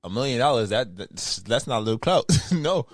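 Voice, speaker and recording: A man co-hosting a casual podcast, reacting with disgust and disbelief, often dropping into low mutters. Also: animated, fairly quick, over loud music. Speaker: podcast co-host. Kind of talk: casual crude banter.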